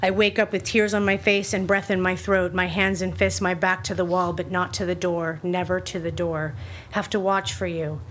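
A woman at a live reading show reading aloud an old personal letter in a steady, intense way, after a hesitant spoken introduction. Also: fairly low pitch, moderate pace, a little hiss or hum.

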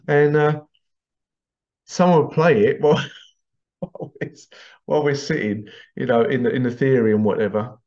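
A middle-aged man talks in a loose, rambling way, often breaking into chuckles and repeating himself. His voice sits at an ordinary pitch for a man. The recording sounds slightly dull and lo-fi. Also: fairly even intonation, normal speed, darkish tone. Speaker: tradesman vlogger. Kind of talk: casual anecdotal monologue.

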